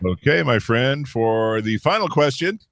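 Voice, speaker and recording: A man co-hosting a casual podcast, reading out quiz questions in an animated way, swearing and laughing often. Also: medium pitch, a little slow, creaky, very noisy. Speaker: co-host running a quiz. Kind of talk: casual banter.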